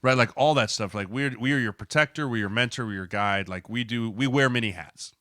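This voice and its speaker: A man's voice: medium pitch, a little fast, pushed and bright, no room sound, studio quality. A man co-hosting a casual podcast, explaining things and checking in with "right?" as he goes.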